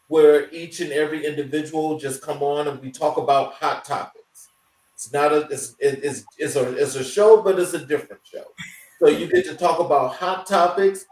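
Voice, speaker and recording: A man hosting a talk show, wrapping up the episode in a halting way, full of fillers and restarts. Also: mid-range voice, darkish tone, reverberant, far from the mic, poor audio. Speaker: show host. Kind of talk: casual show wrap-up.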